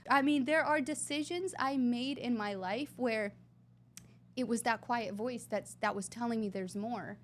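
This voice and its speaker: A woman with a high-pitched voice, speaking at normal speed, appears as a guest on a conversational podcast interview. She talks earnestly and emphatically, sometimes drawing her words out.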